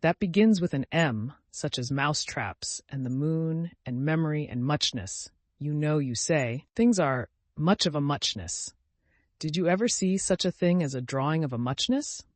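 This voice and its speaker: Hoarse feeble dormouse, drowsy and touchy, storybook creature, put on by a male reader, raised pitch, dry close sound. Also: animated, moderate pace, no room sound. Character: sleepy hoarse little male dormouse, sulky. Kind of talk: audiobook character reading.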